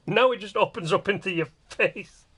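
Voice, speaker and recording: A man's voice: sits high, measured pace, fairly bright tone, slightly rough. A man casually commenting while building in a game livestream, joking and grumbling in a rambling way. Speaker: game streamer.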